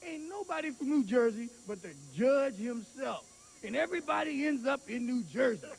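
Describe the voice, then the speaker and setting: A man who manages and trains a boxer, hurling loud taunts with a preacher-like rhetorical cadence and at a press conference. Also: very high voice, expressive, normal speed, vocal fry, poor audio. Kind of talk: fiery press conference trash talk. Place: crowded press conference hall.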